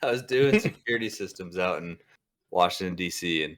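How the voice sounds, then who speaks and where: A man's voice: low voice, expressive, fairly quick, a bit bright. A man in his thirties, a podcast co-host, telling a story in casual chat, swearing and laughing often. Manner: laughs a lot while telling stories, swears freely.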